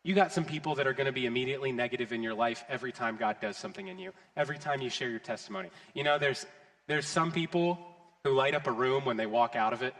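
A man preaching a sermon with passion, swinging from loud declarations to hushed, intense passages. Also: mid-range voice, quick pace. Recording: long hall reverb.

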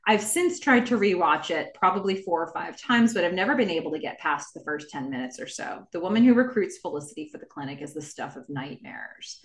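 A woman's voice: lowish voice, lively intonation, a little fast, hardly any pauses. A woman co-hosting a podcast in casual chat, reading listener emails aloud and laughing often. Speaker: podcast co-host.

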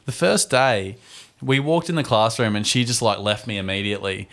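Swearing dad telling stories. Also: male voice, lowish voice, brisk. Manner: animated storyteller, swears freely. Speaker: podcast co-host. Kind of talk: casual chat.

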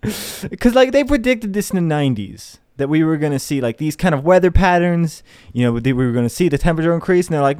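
A young podcast host rants with exasperation and mocks his opponents in put-on voices. His pitch leaps all over the place, and his tone is smooth and resonant. The recording is close and dry, with no room sound. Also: big pitch swings, normal speed, dry recording. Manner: exasperated ranting, mocking voices of others, swearing. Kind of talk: casual ranting monologue.

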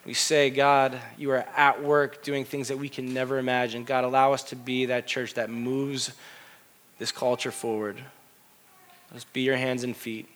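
A middle-aged male pastor preaching a sermon with passion, his voice swinging from hushed to loud exclamations. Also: mid-range voice.

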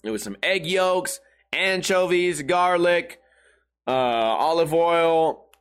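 A young man with a slightly high, clean-toned voice and lively intonation speaks slowly as he tells rambling, profane stories on a casual solo talk show. It's a crude storytelling monologue, and he mocks himself along the way.

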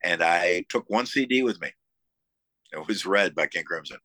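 A musician from the Buffalo area, United States, tells stories enthusiastically as a guest in a casual interview, with plenty of fillers and restarts. His low voice is pushed and bright, with lively intonation at a moderate pace and no echo.

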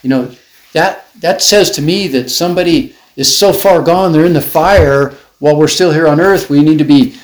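A man's voice: fairly high pitch, normal speed. A man leading a casual church group discussion, talking informally with many fillers and restarts. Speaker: Bible study leader. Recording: echoey room, faint background noise.

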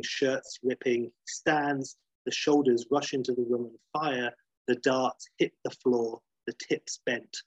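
Husky man telling an animated story. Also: mid-range voice, no room sound, muffled recording. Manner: lively, acts out scenes, fillers.

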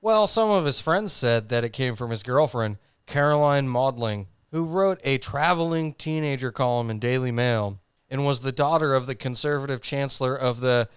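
A man's voice: mid-range voice, normal speed, hardly any pauses, clear, resonant tone, dry recording, studio quality. A man co-hosting a casual podcast, telling a history story in a jokey way and laughing often. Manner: jokey, laughs often, reads facts loosely.

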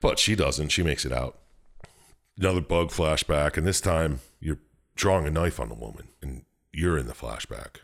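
A man with a very deep, low voice recaps a video game for friends. His storytelling is profane and animated, full of swearing. The talk stays loose and conversational. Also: moderate pace, creaky.

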